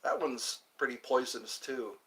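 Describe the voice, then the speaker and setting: A man's voice: mid-range voice, moderate pace, fairly bright tone. A man hosting his own channel, chatting casually and meandering from topic to topic. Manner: meandering, chatty, puts on playful voices. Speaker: channel host. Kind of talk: rambling casual vlog chat.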